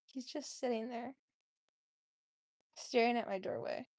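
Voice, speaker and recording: Woman vlogger, giggly, coaxing pets in baby talk, slow and lilting, dry close sound. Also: on the high side, a little mellow, no room sound. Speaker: vlogger, cat owner. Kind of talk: casual chat with her pets.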